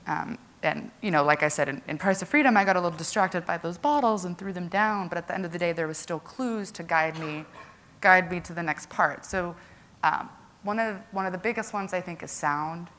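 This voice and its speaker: Young woman, conference presenter, low pitch, chatty filler-heavy delivery, casual, slight background noise. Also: brisk, a bit bright. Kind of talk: casual presentation to a live audience.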